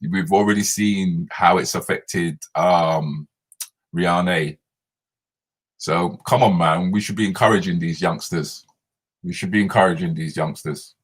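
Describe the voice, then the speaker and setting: A man's voice: low voice, steady tone, measured pace, slightly rough. A man hosting a casual live stream, chatting and laughing as he answers viewer comments.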